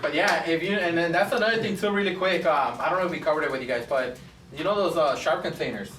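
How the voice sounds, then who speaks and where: A man's voice: fairly high pitch, fast talker, fairly bright tone. A man who owns a barbershop teaches a class in a casual, chatty way and acts out both sides of his stories. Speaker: barbershop owner teaching students. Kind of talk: casual classroom talk with anecdotes. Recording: echoey room from a distance.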